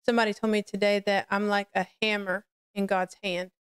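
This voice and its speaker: A woman's voice: medium pitch, level tone, a little fast, smooth. A woman hosting a live-streamed faith podcast, talking candidly and rambling as she greets her chat and shares personal reflections. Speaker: podcast host.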